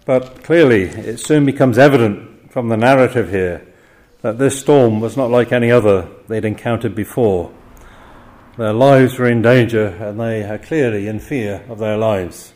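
A man's voice: fairly low pitch, moderate pace. Chuckling older male preacher. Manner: warm chuckling asides, dramatic quoted cries. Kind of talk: expository sermon.

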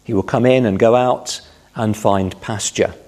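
Low-voiced man teaching a sermon. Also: a little slow. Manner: calm, explanatory, stresses key phrases. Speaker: preacher.

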